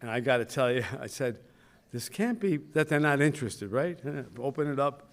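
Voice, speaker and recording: A man's voice: mid-range voice, animated, moderate pace. Older man telling a founding story. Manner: storytelling, self-mocking, acts out quoted voices. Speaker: school founder giving a speech. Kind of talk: anecdotal ceremony speech.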